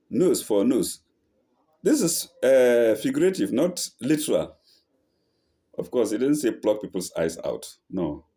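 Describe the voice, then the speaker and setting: A man gives a verse-by-verse scripture lesson. He recites each line and then translates it slowly, correcting himself and asking "eh?" as he goes. His pitch leaps up and drops widely, and his tone is dark and relaxed. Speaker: Quran teacher.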